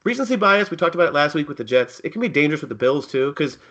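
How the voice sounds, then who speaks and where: A man's voice: fairly high pitch, sing-song, rapid-fire, pushed and bright, dull audio. A man co-hosting a sports podcast, joking around and trailing off with short asides. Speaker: podcast co-host. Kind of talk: casual sports chat.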